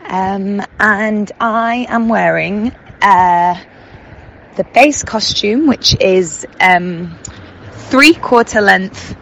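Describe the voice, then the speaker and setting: A woman's voice: mid-range voice, gravelly, a bit bright, slight background noise, low-quality recording. A woman actor describing her costume in a hesitant way, with ums. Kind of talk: audio introduction to a play.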